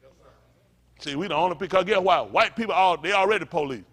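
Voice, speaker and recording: A man's voice: high voice, fast talker, fairly bright tone. A male pastor preaching a fiery, blunt sermon, full of profanity and call-and-response asides.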